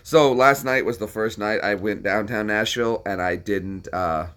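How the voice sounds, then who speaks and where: A man's voice: fairly low pitch, moderate pace, a bit bright. A man chatting casually to camera in a rambling vlog, trailing off and restarting. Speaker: vlogger.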